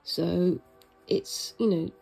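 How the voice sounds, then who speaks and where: A woman's voice: lowish voice, very slow, gravelly, slightly rough, soft background music, poor audio. A woman chatting casually and rambling a little as she stitches a craft project, with a self-mocking humour. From Britain. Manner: rambling, self-mocking, soft-spoken at times. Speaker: craft vlogger. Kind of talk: casual chat while stitching.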